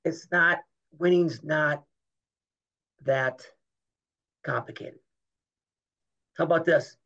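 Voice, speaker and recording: Gravelly-voiced man telling stories. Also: a little high, takes it slowly, pushed and bright. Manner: rambling, emphatic, acts out dialogue. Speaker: guest, former Olympic wrestler. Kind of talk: candid storytelling interview. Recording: muffled lo-fi podcast audio.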